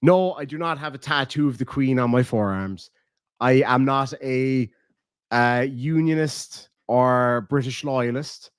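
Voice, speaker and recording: A man's voice: mid-range voice, unhurried, clear, resonant tone, dry recording. Irish guy rambling on stream, swears a lot, dead dry mic. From Ireland. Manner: swearing, laughing, rambling asides. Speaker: streamer reading viewer comments. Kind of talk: casual live-stream chat.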